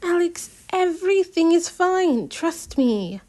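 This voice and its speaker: A woman reading the part of a gentle teenage girl who soothes a friend. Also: extremely high pitch, big pitch swings, slow, voice pushed up, heavily acted. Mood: soothing. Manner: soft and coaxing.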